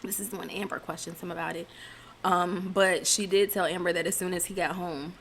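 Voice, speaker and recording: A woman's voice: lowish voice, fairly even intonation, a little fast, fairly bright tone, a little hiss or hum. A woman casually recapping a reality TV episode in a chatty way, dropping sarcastic asides.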